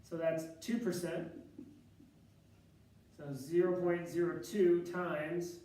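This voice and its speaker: A man with a fairly high voice teaches a math class, talking through each step of a loan problem in a relaxed, casual way. He sounds distant from the microphone, and the classroom echoes heavily around him. A faint hiss of room noise sits underneath. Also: takes it slowly. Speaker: math instructor. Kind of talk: classroom lecture.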